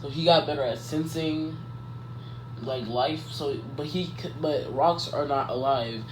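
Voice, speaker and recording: A man casually improvising a fan story out loud, rambling and correcting himself as he goes. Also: a little high, unhurried. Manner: rambling, self-correcting, lots of "like" and "um". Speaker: YouTuber telling a fan story. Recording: echoey room with faint background noise.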